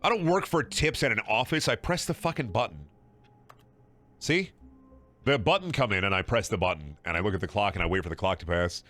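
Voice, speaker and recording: A man's voice: lowish voice, a little fast, fairly bright tone, faint music behind. A man streaming a video game, talking in a sarcastic, rambling, profane way with frequent laughing and repeated words. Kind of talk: casual game livestream commentary.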